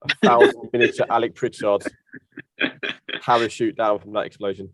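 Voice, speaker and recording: Low-voiced podcast guest with dry humor. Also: male voice, flat delivery, normal speed, a bit bright, no room sound. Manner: dry humor, laughs while telling absurd jokes. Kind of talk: casual chat.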